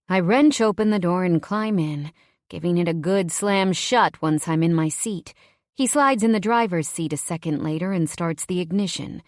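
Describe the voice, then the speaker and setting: A woman narrating a first-person romance audiobook in an expressive, measured way. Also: on the low side, dry recording, studio quality.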